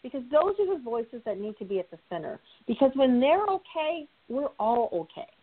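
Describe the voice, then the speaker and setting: A woman's voice: sits high, very animated, moderate pace, breathy edge. A woman facilitator talking through a conversational discussion, stressing her points by repeating key phrases. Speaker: guest, nonprofit consultant and facilitator. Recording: tinny phone-like line.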